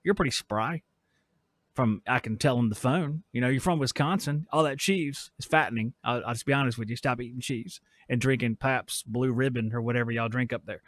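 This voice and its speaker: A man's voice: medium pitch, fairly quick, a bit bright, dry recording. Joking middle-aged man hosting from his shop. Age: 40s. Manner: joking, rambling, reads chat aloud. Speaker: podcast host. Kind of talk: casual live stream chat. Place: workshop. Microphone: switches mics midway.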